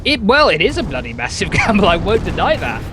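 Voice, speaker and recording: A man's voice: high voice, brisk, music in the background. A man casting a game, rambling and laughing often between his play-by-play. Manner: giggly, rambling, animated. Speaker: esports caster. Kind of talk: live game commentary.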